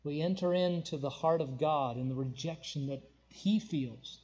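A man preaching a sermon, moving between loud, fervent declarations and soft, hushed passages. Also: on the high side, moderate pace, husky. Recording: dull lo-fi sound.

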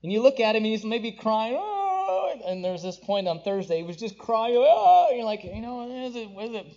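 A young man preaching a sermon as a pastor, rising to emphatic declarations and dropping to hushed, tender passages. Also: high voice, fairly quick. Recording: dull lo-fi recording.

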